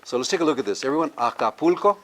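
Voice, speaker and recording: Speaking very fast in an expressive, mid-range voice, a university professor gives a live language lecture at a cultural center. He walks the audience through it step by step and has them repeat words after him.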